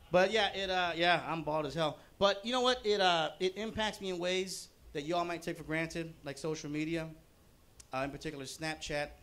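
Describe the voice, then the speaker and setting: A man's voice: on the high side, a bit bright. A man doing a stand-up comedy set at a bowling-alley showcase, talking loosely with lots of fillers. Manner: loose, chatty delivery with frequent fillers.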